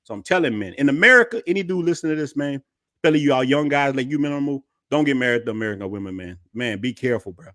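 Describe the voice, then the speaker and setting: A man's voice: medium pitch, very fast, dry recording, studio quality. A middle-aged man hosting a podcast, telling personal stories in casual, slangy chat. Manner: animated storyteller, slangy. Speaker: podcast host.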